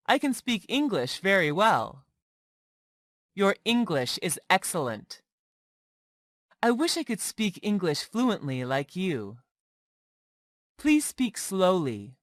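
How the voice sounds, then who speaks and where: A woman reading short English practice phrases for learners, one at a time, in a slow and deliberate drill. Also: on the low side, dry recording, studio quality. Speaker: English teacher.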